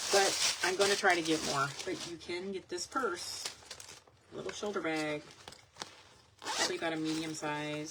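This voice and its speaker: A woman selling vintage goods online, chatting casually and rambling as she shows items on a live stream. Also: low voice. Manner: chatty, rambling, thinks aloud. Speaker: online vintage seller showing products. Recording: loud background noise, crinkling packaging.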